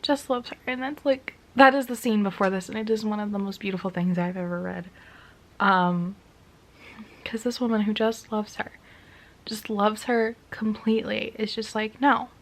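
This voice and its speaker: A woman's voice: mid-range voice, normal speed. A woman talking casually about a romance novel she loves, with lots of fillers and whispered asides. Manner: gushing, filler-heavy, drops into whispers. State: tearful. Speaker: book reviewer. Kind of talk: casual book review vlog.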